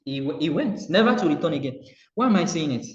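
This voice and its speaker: Nigerian male motivational coach, slightly high voice, lively and repetitive, muffled roomy recording. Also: fairly quick. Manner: animated, acts out dialogue, repeats phrases.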